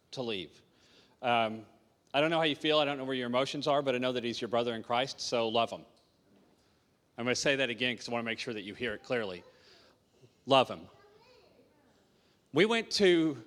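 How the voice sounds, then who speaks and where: Earnest pastor in a reverberant hall. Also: male voice, on the high side, bright, forceful tone. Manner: earnest, storytelling, repeats key lines. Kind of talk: sermon testimony.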